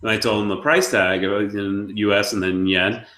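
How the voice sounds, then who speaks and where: A man's voice: lowish voice, steady tone, normal speed, sharp tone, roomy sound, slight background noise. A man co-hosting a live show, telling a long story in a casual, rambling way and laughing often. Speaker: podcast co-host.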